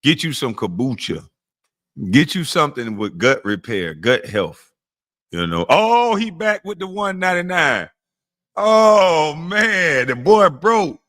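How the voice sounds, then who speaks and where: A man hosting a casual livestream, roasting chat and trash-talking, his voice jumping high when he heckles and dropping low when he calms down. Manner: slow and low when calming down. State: smoking while talking. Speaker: livestream host.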